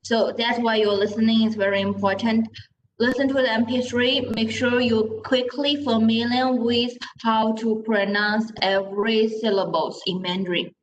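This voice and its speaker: Her voice a little high and fairly even in intonation, a woman teaches a Mandarin lesson at a moderate pace, heard through dull audio with slight background noise and a roomy echo. She patiently explains, has students repeat the sounds she models, and checks in often with "okay?".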